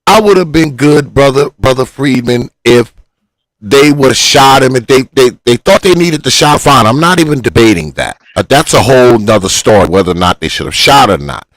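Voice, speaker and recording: A man's voice: mid-range voice, lively intonation, moderate pace, no echo, rough recording. A man arguing heatedly on a talk show, pressing his points and repeating himself.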